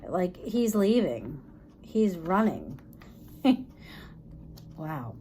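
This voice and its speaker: A woman giving a casual tarot reading, thinking aloud in a chatty, tired way, sometimes dropping low and soft. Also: very animated, very slow, slight background noise. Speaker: tarot reader.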